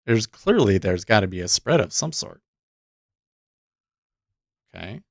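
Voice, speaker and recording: A man hosting a day trading livestream, thinking aloud in halting, self-interrupting remarks as he watches the market. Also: lowish voice, very animated, vocal fry, no echo, studio quality.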